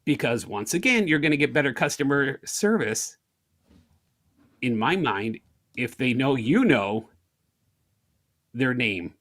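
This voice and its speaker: A man's voice: medium pitch, a little slow, pauses often. A middle-aged man from the United States telling everyday stories in a casual interview, acting out both sides of small conversations in changing voices. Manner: animated, acts out little scenes of talk in shifting voices. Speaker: guest speaker.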